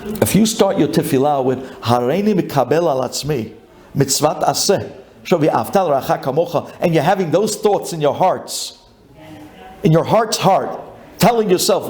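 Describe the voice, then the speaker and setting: A man, a rabbi, giving a lively sermon, acting out a grumbling congregant and building up to shouted lines. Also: on the high side, moderate pace, reverberant.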